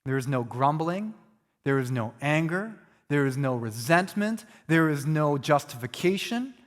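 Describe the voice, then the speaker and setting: A man preaching a sermon as a pastor, animated and playful, acting out quotes and poking fun at himself. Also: fairly high pitch, unhurried, in a large hall.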